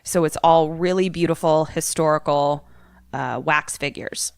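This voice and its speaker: A woman's voice: sits low, measured pace, gravelly, clear, resonant tone, no room sound, clean studio sound. A woman co-hosting a comedy podcast, giving a casual, giggly, rambling recap of a film. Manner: giggly, rambling, animated storytelling. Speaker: podcast co-host.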